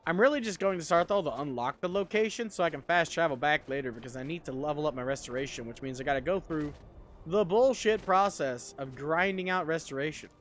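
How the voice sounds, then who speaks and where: A sleepy man chats loosely on a game livestream, rambling and swearing as he goes. His voice sits slightly high. Faint game music runs underneath. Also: a little fast, fairly bright tone. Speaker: gaming streamer. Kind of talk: casual game livestream chat.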